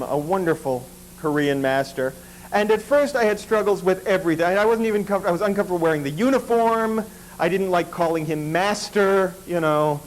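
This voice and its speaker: A man with a fairly high voice tells a long personal story on stage. His delivery is dry and self-deprecating, and the jokes land without any push. A faint noise sits behind him. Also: rough recording. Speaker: stand-up storyteller. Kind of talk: stand-up comedy storytelling.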